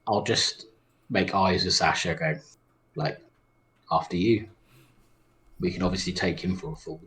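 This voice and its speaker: A man with a very deep voice plays at a tabletop session. He speaks in a wry, blunt way. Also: big pitch swings, normal speed, bright, forceful tone. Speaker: player. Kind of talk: tabletop play.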